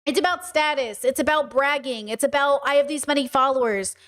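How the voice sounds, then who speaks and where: A woman from Southern California hosting her podcast, delivering blunt, fast commentary that slips into swearing rants. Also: high-pitched, a bit bright. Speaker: podcast host. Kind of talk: casual commentary.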